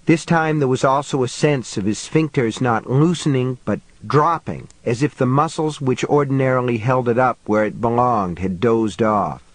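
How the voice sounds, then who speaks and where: A man reads a novel aloud in a steady, measured voice at a middle pitch. The recording is close and completely dry, like a booth read. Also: no room sound, rough recording. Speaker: audiobook narrator. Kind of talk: scripted narration.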